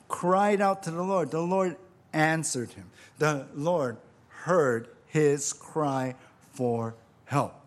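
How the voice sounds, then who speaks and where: A male pastor preaching a sermon, emphatic, often repeating phrases and asking the congregation rhetorical questions. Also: on the high side.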